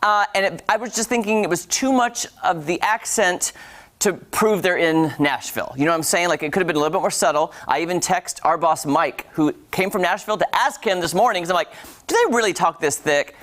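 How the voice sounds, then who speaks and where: A woman's voice: fairly low pitch, brisk. A woman from Texas giving a chatty, casual review of shows on a morning TV program, talking straight to viewers. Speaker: TV entertainment reviewer.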